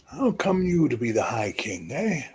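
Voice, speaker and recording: Casting: a man doing an ancient, impatient high king, voice pushed high and loud, blunt and commanding, with a husky edge. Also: big pitch swings, normal speed. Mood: imperious.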